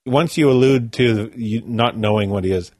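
A man chatting casually as a podcast co-host, telling animated stories and laughing easily. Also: medium pitch, dry recording, clean studio sound. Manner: animated storyteller, quick to laugh. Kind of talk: casual chat.

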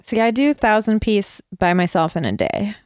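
A woman co-hosts a comedy podcast in a silly, rambling way, laughing as she talks. Her pitch is mid-range but bounces widely. The recording is dry and close. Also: very animated, normal speed, a little mellow, no room sound. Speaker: podcast co-host. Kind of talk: casual comedy chat.

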